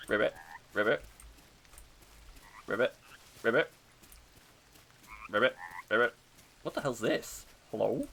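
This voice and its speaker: A man's voice: mid-range voice, fairly bright tone. A man streaming live gameplay, chatting to himself in a self-mocking way and laughing easily. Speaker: video game streamer.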